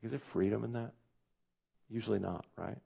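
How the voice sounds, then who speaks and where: A man's voice: lowish voice, fairly even intonation, normal speed, vocal fry, mellow, slightly rough. A man preaching a sermon as pastor, talking to the congregation in a conversational way and asking them direct questions.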